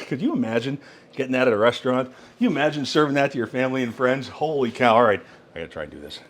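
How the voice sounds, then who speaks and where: A man's voice: mid-range voice, sing-song, fast talker. A man presenting a countertop cooker in a product demo, exclaiming with enthusiasm over the food. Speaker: product demonstrator.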